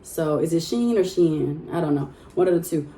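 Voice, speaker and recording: A woman vlogging in casual chat from her home, talking to her viewers in an animated, chatty way and laughing often. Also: deep voice, moderate pace. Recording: roomy echo in a home room.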